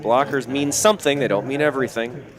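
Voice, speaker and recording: A man's voice: medium pitch, quick pace. A man commentating on a live poker stream, explaining strategy in an analytical way. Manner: explanatory, analytical, with frequent restarts. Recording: loud crowd noise in background.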